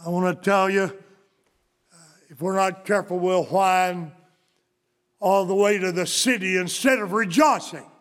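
A pastor preaching in a high, light man's voice. He takes his time, letting words stretch out slowly as he builds to emphatic lines. His delivery is folksy and good-humoured. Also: fairly even intonation, fairly bright tone. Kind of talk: sermon.

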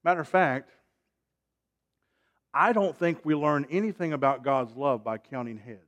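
Man preaching with big loud swings. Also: on the high side. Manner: swings from loud emphatic calls to quiet, drawn-out phrases; asks the congregation for responses. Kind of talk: sermon.

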